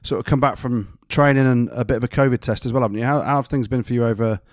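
A man's voice: mid-range voice, steady tone, fast talker, dry recording, clean studio sound. A man hosting a rugby podcast, giggly and chatty with guests. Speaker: podcast host. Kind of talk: casual chat.

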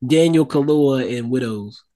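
A man's voice: medium pitch, a little slow, mellow. A man chatting casually about a movie he watched with his fiance, laughing along and swearing casually. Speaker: podcast co-host.

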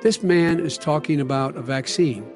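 An older man in a televised debate, talking forcefully, repeating phrases and cutting in. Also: fairly high pitch, moderate pace, soft background music. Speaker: debate candidate. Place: large debate hall.

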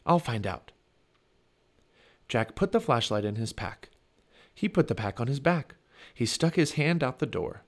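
A man's voice: mid-range voice, moderate pace. A man reading a children's chapter book aloud for a family podcast, telling it expressively. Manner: expressive storytelling.

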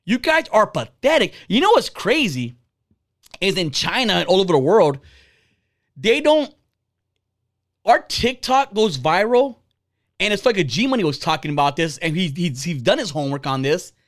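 A man's voice: sits high, sing-song, normal speed, long pauses. A man in his forties hosting a podcast, ranting bluntly and heatedly with lots of swearing. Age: 40s. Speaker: podcast host. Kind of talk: casual ranting podcast talk.

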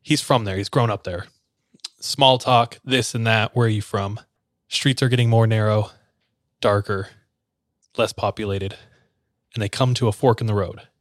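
A man's voice: lowish voice, moderate pace, pauses often, no echo, studio quality. Casual storytelling podcast man. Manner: loose, animated retelling, slipping briefly into characters' voices. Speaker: podcast host telling a story.

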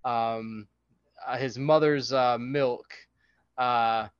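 A man co-hosting a podcast, chatting casually about a movie in an animated way and laughing often. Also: drawn-out words, clean tone, dry recording, muffled recording. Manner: animated, acts out quotes in high silly voices, laughs often. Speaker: podcast co-host.

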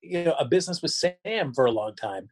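A man's voice: fairly high pitch, animated, a little fast, a little mellow. A man co-hosting a casual recap chat, easygoing and mildly exasperated. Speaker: show co-host.

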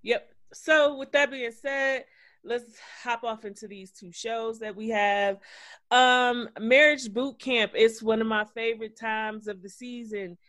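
A man co-hosting a podcast, recapping reality TV in an animated, gossipy way with plenty of cursing. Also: very high-pitched, a little slow, dry recording, clean studio sound. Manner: animated, gossipy, profane storytelling. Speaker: podcast co-host. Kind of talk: casual reality-TV recap chat.

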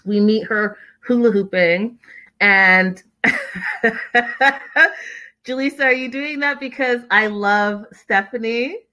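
Bright-voiced chatty woman recapping a show. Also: mid-range voice, slow pace, long pauses, highs cut off. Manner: chatty and opinionated, many "like"s. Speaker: reality show recap host. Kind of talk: casual recap chat.

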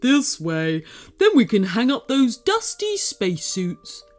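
A woman's voice: a little high, huge pitch swings, slow pace, soft background music, exaggerated voice. A woman voicing a friendly, chuckling giant brachiosaurus who welcomes children on the moon. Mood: cheerful.

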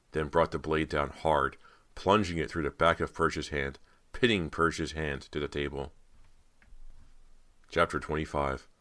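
Very deep-voiced male audiobook narrator. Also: a bit bright, no echo.

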